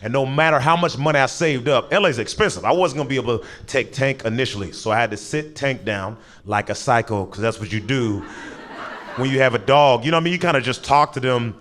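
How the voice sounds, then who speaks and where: A young male stand-up comedian telling a story on a comedy stage, animated and high-energy, laughing at his own jokes. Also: quick pace, a little hiss or hum.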